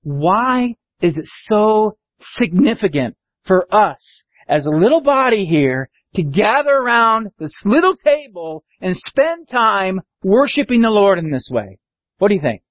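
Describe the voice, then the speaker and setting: A man's voice: sits high, big pitch swings, measured pace, no room sound. A man preaching a sermon in a conversational way, asking the congregation questions. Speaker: pastor. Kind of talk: sermon with storybook reading. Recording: dull lo-fi recording.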